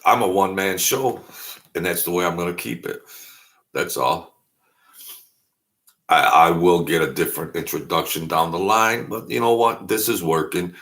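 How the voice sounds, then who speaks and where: A man's voice: fairly low pitch, vocal fry, fairly bright tone. A man hosting his own channel, talking in a loose, rambling way with jokes and self-deprecating asides. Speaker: YouTube channel host. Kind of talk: casual vlog monologue.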